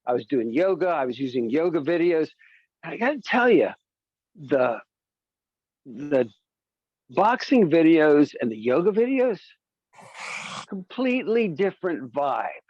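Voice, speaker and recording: An animated man doing stand-up comedy, his voice rising and falling a lot as he tells stories. His pitch sits a bit high for a man, and he breaks into silly voices. The recording is dry and a little dull. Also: unhurried, long pauses, breathy edge, no echo.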